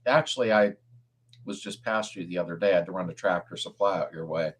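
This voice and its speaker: A man's voice: low-pitched, fast, husky. A middle-aged man hosting a casual live-stream chat, reading viewer comments aloud and answering car repair questions in an easygoing way. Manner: laid-back, chuckles often, answers car questions.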